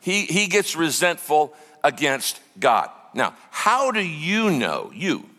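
A man preaching a sermon as pastor, animated and conversational, acting out the voices of the people in his story. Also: medium pitch, long reverb tail. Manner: lively preaching, acts out quoted voices.

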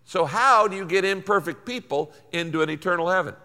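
Older male pastor, bright voice, folksy sermon delivery. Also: sits high, lively intonation, brisk, long reverb tail. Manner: folksy storytelling, emphatic repetition.

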